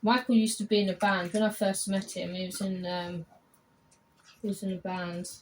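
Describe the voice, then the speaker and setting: A woman's voice: medium pitch, level tone, moderate pace, slight background noise, rough recording. A woman in her fifties, a salon client, chatting casually and telling rambling stories. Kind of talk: casual chat. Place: barbershop.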